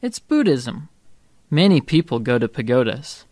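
A man reads the part of a patient father in a textbook listening dialogue, explaining things calmly to his child. His voice sits at an ordinary middle pitch. The recording is dry, with no room sound. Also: unhurried, no echo. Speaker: textbook audio actor.

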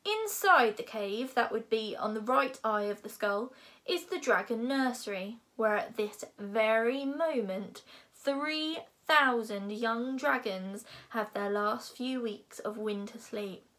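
Woman doing a booming Viking drill instructor, giant male brute, barking orders, slightly high pitch, storybook reading. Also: slow pace, a bit bright. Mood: bellowing. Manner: bellowing, commanding.

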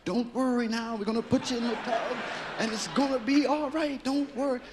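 A man's voice: very high-pitched, steady tone, brisk. A man voicing a patient male hospital nurse who keeps repeating soothing reassurances. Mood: coaxing. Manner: coaxing, repetitive reassurance. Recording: live reverberant hall with background noise.

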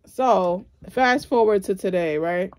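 A woman's voice: mid-range voice, takes it slowly, a little mellow. A woman telling a personal story in a casual vlog, sassy and indignant, speaking straight to the listener.

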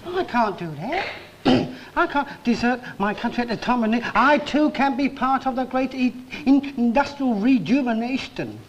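A high-voiced, hapless little worker. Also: male voice, expressive, highs cut off, noisy background. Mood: rambling. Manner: slow, wide-eyed storytelling with comic mock-grandeur. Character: small, hapless working-class man spinning a grand rambling yarn. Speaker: sitcom lead. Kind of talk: 1960s television sitcom acting. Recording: old TV recording, loud studio audience laughter. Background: roaring studio audience laughter.

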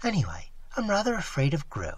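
A reader doing a nervous, breathy young woman. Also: mid-range voice, huge pitch swings, a little fast, no echo. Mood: uneasy. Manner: soft, breathy, half-whispered.

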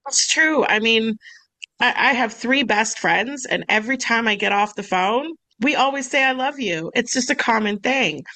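A woman co-hosts a casual podcast, laughing easily as she tells her stories with animation. Her voice sits a bit high. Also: animated, moderate pace, sharp tone, poor audio. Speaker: podcast co-host.

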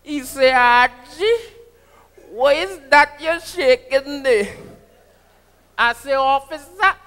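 A man doing a brash, shouting Trinidadian comic. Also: very high-pitched, takes it slowly, full character voice. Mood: boisterous. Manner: shouty, sing-song punchlines. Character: impression of a brash male comedian, loud and rhyming. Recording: live stage with long hall reverb.

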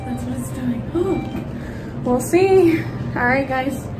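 Young woman vlogger, slightly high voice, chatty and loose, phone mic with music under it. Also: normal speed. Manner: chatty, filler-heavy, talks straight to viewers. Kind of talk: casual vlog to camera. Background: background music.

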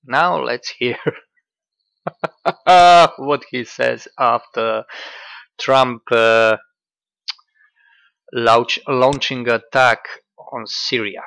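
A man giving casual political commentary in a halting, sardonic way, full of fillers. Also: medium pitch, gravelly, fairly bright tone, clean tone, no echo.

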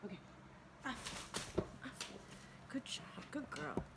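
A woman's voice: fairly high pitch, very animated, slow. A woman from Canada hosting a casual beauty unboxing vlog at home, chatty and enthusiastic. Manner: chatty, enthusiastic, talks baby-talk to her dogs. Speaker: beauty channel host. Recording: home video with clear background noise.

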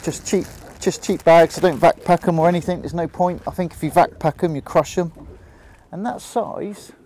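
An easygoing man with a Hampshire accent chats his way through a fishing trip from a small boat, his voice a touch high but mellow and soft-edged. Faint outdoor noise hangs behind him. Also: moderate pace. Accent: Hampshire English. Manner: chatty and easygoing, talks to the fish and the viewer. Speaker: angler vlogger. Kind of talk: casual running commentary while fishing.

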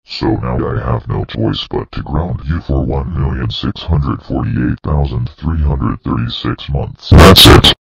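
A male text-to-speech voice playing a furious purple dinosaur scolding the user, with a flat robotic delivery. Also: a little slow, hardly any pauses, no room sound, dull audio, exaggerated voice. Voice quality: very deep, gravelly synthetic voice.

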